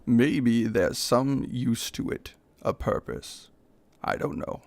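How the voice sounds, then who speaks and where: A soft-hearted elf healer, as a man voices it, speaking low and hushed, with a gentle, steady firmness. A storybook figure read aloud in a mobile game's lore. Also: slow pace, gravelly, no echo. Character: soft-hearted elf tending a dying warrior.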